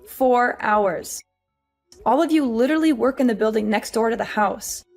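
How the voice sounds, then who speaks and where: An actress playing an exhausted young working wife, weary and pleading. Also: female voice, a little high, normal speed, vocal fry, faint music behind. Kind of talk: audio drama acting.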